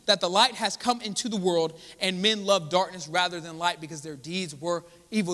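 A man preaching a sermon as pastor, asking the congregation questions and answering them, swinging between loud exclaiming and quiet asides. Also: sits high, normal speed, few pauses. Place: large church hall. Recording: long hall reverb.

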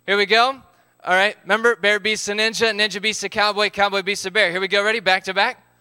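Bright upbeat man leading a group game. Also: high voice, little pitch movement, quick pace, clean tone, no room sound, clean studio sound. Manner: upbeat, calls out counts and instructions.

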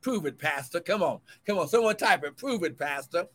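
A man preaching a livestreamed sermon as pastor and prophet, swinging between shouted cries of glory and quick, low asides to viewers. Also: expressive.

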